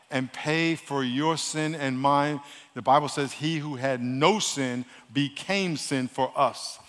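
A fast-talking male pastor with a New York accent, preaching and pulling amens from the congregation. His voice sits a touch high for a man. Long church reverb trails every phrase. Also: fairly bright tone. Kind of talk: sermon. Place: church sanctuary.

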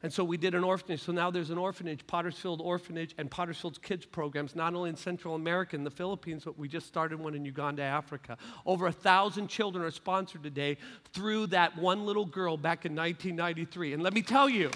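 A middle-aged man preaching a sermon to a live audience in a big sanctuary, emphatic, swinging from hushed to shouting. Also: a little high, steady tone, fast talker, hardly any pauses. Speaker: pastor. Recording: long reverb of a large hall.

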